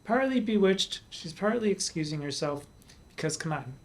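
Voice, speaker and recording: A man performing in drag hosts a literary podcast. He discusses poems with cheeky, playful asides and slows down to savor key words. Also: a little high, expressive.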